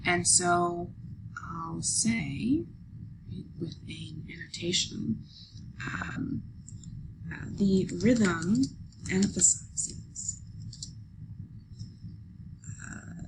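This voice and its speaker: A woman teacher talks slowly and patiently through a lesson, her voice carrying a gravelly fry. She stops often to check in with her students. Steady background noise hangs under the recording. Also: medium pitch. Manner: patient, explanatory, many fillers and checks like "okay?". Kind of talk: screen-recorded lesson walkthrough.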